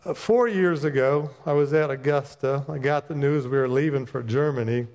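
A man's voice: medium pitch, moderate pace, a little mellow. A middle-aged man, a chaplain, giving a sermon in a folksy, conversational storytelling manner from a church. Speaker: chaplain pastor. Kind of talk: sermon with personal stories. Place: church sanctuary. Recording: long church reverb.

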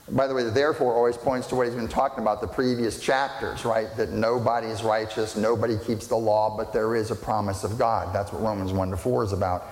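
A male pastor preaching with emphasis, repeating words and firing questions at the congregation. His voice sits at an ordinary middle pitch. It carries through a large church hall that rings with long reverb. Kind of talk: sermon. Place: church sanctuary.

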